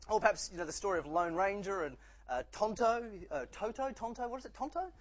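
A man's voice: high voice, expressive, fast talker. A middle-aged man giving a sermon, conversational, with many restarts and jokes. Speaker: preacher.

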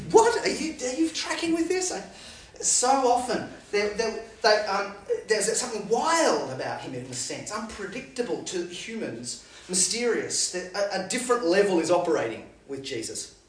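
Lively preacher in an echoey hall. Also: mid-range voice, normal speed, a little hiss or hum. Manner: animated, laughs between Bible readings, acts out the disciples. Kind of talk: sermon. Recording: echoey hall, voice picked up from a distance.

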